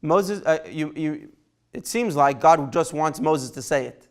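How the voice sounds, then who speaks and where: A man's voice: fairly high pitch, expressive, measured pace, a little mellow. A man teaching a Torah class in a conversational way, checking in with his students and taking their questions. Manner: conversational, takes questions by name, asks "right?". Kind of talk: informal Torah lesson.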